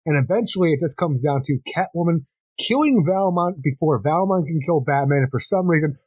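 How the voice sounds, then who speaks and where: Husky man recapping comic plots. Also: on the high side, lively intonation, brisk, darkish tone, no echo. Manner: long run-on plot recaps, sarcastic asides. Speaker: podcast co-host. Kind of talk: casual comic book review chat.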